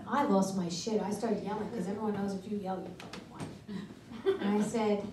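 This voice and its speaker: A middle-aged woman doing a stand-up comedy routine, delivering brash, deadpan one-liners in a comedy club. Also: medium pitch, moderate pace. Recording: echoey club from far off with noise.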